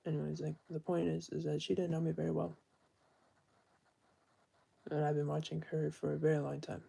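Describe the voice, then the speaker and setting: Young male streamer, very gravelly and husky, earnest and rambling in an unscripted live-stream talk. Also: a little high, monotone, normal speed, dark tone. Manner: earnest, rambling, self-correcting.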